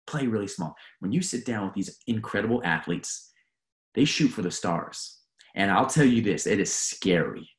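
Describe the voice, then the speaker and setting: Emphatic, lively man in a roomy space. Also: mid-range voice. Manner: earnest, emphatic, repeats key phrases. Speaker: mental performance coach. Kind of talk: motivational talk. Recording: roomy echo.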